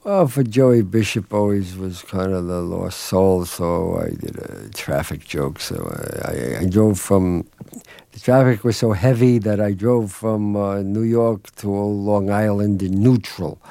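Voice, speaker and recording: A man's voice: on the low side, a little slow, gravelly, warm tone, dry recording. A middle-aged man being interviewed as a film director, rambling through anecdotes in a self-deprecating way and chuckling often, in a dry radio studio. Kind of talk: relaxed anecdotal interview talk.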